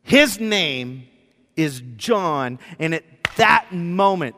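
A man pastor preaching a sermon in a room with whiteboards, telling the story in an animated way and acting out the scenes. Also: a little high, slow, vocal fry. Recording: long reverb in a hall.

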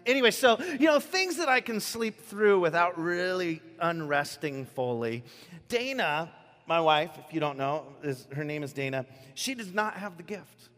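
Animated male preacher in a reverberant hall. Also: a little high. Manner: animated storytelling, acts out voices. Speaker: pastor. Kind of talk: sermon.

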